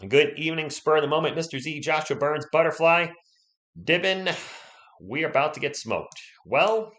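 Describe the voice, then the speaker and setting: A man's voice: fairly high pitch, moderate pace, a bit bright. A man hosting a sports livestream, chatting casually, rambling and greeting viewers by name, his voice still recovering from being sick. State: voice recovering from illness.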